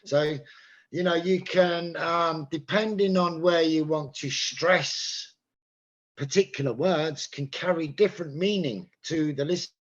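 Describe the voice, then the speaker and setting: A man's voice: on the high side, measured pace, dull audio. A man with an English accent teaching an English lesson, patiently explaining and demonstrating how sentence stress changes.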